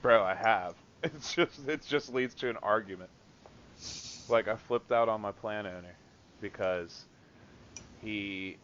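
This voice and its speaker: A man's voice: on the low side, fairly bright tone, slight background noise. Guy ranting about his job on a podcast, laughs a lot, swears, kinda dull lo-fi sound. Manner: swearing, laughing often, venting. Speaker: podcast co-host. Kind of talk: casual chat.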